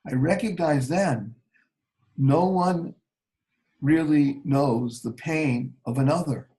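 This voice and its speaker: A man telling a personal story slowly and earnestly as an interview guest. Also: fairly high pitch, warm tone, rough recording.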